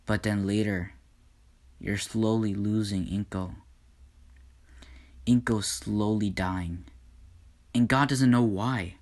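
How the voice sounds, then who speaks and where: Male storyteller, low voice, slow, halting casual fan-story narration. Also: fairly even intonation, a little mellow. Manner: halting, with frequent fillers and restarts.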